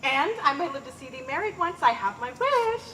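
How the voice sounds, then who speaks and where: A woman's voice: sits high, sing-song, fairly quick, fairly bright tone, slight background noise, poor audio. A woman playing a giggling, rambling old nurse. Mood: rambling merry. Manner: rambling, laughing through her words. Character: garrulous old female nurse, bawdy and doting. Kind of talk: outdoor Shakespeare stage acting.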